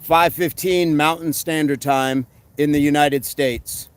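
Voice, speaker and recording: A man hosting a casual live stream, reading comments aloud and giving quick fitness tips in a relaxed way. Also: fairly high pitch, smooth, rough recording. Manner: relaxed, answers chat questions with quick tips.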